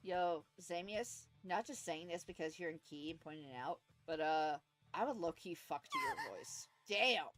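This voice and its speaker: Lively, foul-mouthed woman streamer. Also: fairly low pitch, normal speed, music in the background. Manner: joking, swears freely, lively reactions. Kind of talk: casual gameplay commentary.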